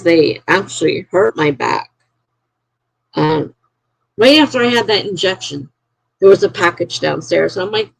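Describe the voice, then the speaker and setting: A woman hosting a casual live stream from her apartment, telling long rambling stories to her viewers in an animated way. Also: fairly low pitch, a little slow, creaky, breathy edge, poor audio.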